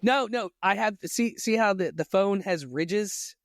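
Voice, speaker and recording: A man co-hosting a podcast, telling a story in an animated way and slipping into voices. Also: high-pitched, a little slow, dry recording, studio quality. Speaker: podcast co-host. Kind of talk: casual storytelling chat.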